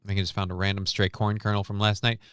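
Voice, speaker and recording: A man's voice: on the low side, level tone, fast talker, a bit bright, clean tone, dry recording, clean studio sound. A tired man hosting a casual livestream, rambling and reading the chat aloud as he goes. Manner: rambling, self-interrupting, reads chat aloud. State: tired, short of breath. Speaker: livestream host.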